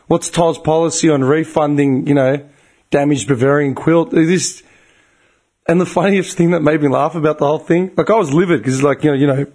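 An Australian man, a regular in a group chat, tells a casual ranting story in a medium-pitched, slightly rough voice at a quick pace. His profane, exasperated storytelling has bursts of animated outrage, and his voice is getting tired, strained and wearing thin.

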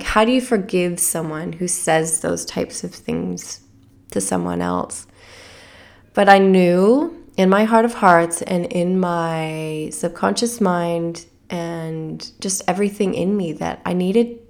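A woman's voice: fairly low pitch, creaky. A woman coach who is a parent, telling a personal story in a candid and emotional way, with restarts and small laughs. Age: adult parent. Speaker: life coach.

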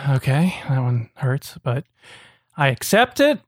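A man's voice: mid-range voice, very animated, slow pace. A man hosting a comedy podcast, teasing his friends with dry sarcasm. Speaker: podcast host. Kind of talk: casual comedic banter.

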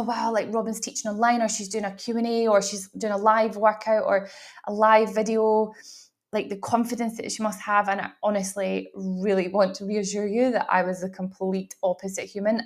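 A young woman with a mild Glaswegian accent, hosting a solo podcast and rambling through her own story with restarts and laughs. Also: mid-range voice. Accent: mild Glaswegian Scottish. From Glasgow, Scotland. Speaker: podcast host.

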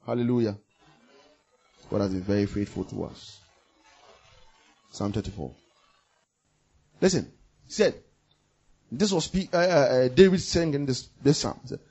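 Husky, fiery preacher man. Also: a little high, sing-song, moderate pace, pauses often, highs cut off. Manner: impassioned, swings from loud bursts to near murmurs; repeats phrases for emphasis. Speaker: pastor. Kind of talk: sermon.

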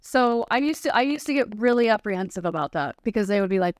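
A woman's voice: medium pitch, animated, fast, no echo. A woman from Chicago chatting as a podcast guest, full of "like" fillers and acted-out quotes. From Chicago, USA. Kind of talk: casual chat.

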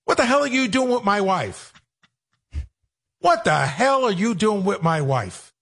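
A man putting on a shrill, squawking impression of a famous comedian yelling. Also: big pitch swings, a little slow, exaggerated voice. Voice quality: screechy.

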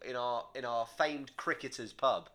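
A man's voice: medium pitch, normal speed, a bit bright. A young man, co-hosting a casual comedy chat with lots of swearing and teasing. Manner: swearing, teasing, game-show banter. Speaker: podcast co-host.

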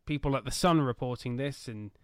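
A man co-hosting a casual football podcast, talking animatedly with loud bursts, swearing and laughing at his own jokes. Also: medium pitch, a little fast, smooth, no room sound, clean studio sound. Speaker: podcast co-host.

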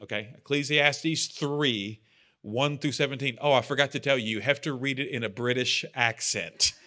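Man, pastor, informal rambling sermon, bright tone. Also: medium pitch, moderate pace. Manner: chatty, rambling, self-deprecating asides. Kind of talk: casual sermon talk.

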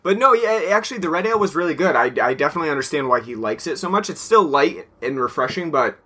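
A man with a bright, slightly high voice, chatting easily with a co-host. He keeps a loose, laid-back rhythm, laughs readily and fills gaps with ums and likes. The talk stays unhurried and friendly. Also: lively intonation, husky. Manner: laid-back, laughs often, trails off with fillers. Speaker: podcast co-host. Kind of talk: casual chat.

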